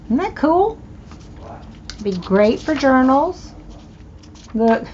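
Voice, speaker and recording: A woman's voice: sits high, very animated, drawn-out words, pauses often, darkish tone, muffled recording, a little hiss or hum. An older woman with a Southern US accent, hosting a casual thrift-haul video and chatting with delighted exclamations over her finds. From American South. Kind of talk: casual show-and-tell.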